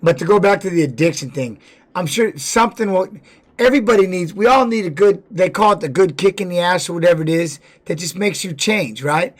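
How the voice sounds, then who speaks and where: A man's voice: sits high, expressive, brisk. A man giving casual live-stream commentary on fight videos, blunt and profane, repeating words for emphasis.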